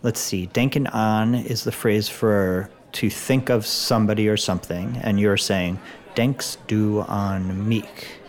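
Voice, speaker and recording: A man learning German in a casual lesson, curious and playful, trying out phrases haltingly. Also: on the low side, steady tone. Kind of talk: casual language lesson chat.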